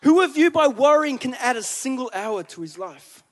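A man preaches in a church with a high voice. He talks in a chatty, joking way and keeps asking the congregation questions. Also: expressive, moderate pace. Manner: chatty, joking, asks the crowd. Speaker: pastor. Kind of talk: sermon.

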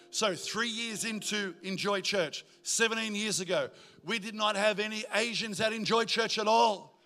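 Bright-voiced man preaching. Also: high voice. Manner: joking, energetic preaching to a congregation. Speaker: pastor. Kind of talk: sermon. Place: church auditorium.

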